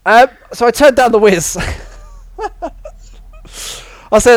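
A man's voice: extremely high pitch, slow pace, dry recording. A man co-hosting a casual comedy chat, telling a rambling anecdote full of laughs and self-interruptions. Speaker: podcast co-host.

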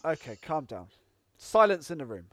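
A man hosts a podcast with a high voice that swings all over the place. He talks in an animated, announcer-like way and laughs often. The recording is dry and close. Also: moderate pace, dry recording. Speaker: podcast host. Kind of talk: casual podcast banter.

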